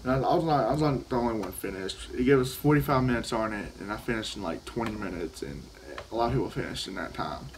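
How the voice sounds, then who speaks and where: A man's voice: on the low side, quick pace, slight background noise, low-quality recording. Rambling, profane teenage boy. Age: teens. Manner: profane, rambling, restarts sentences. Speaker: vlogger. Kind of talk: casual storytelling while vaping.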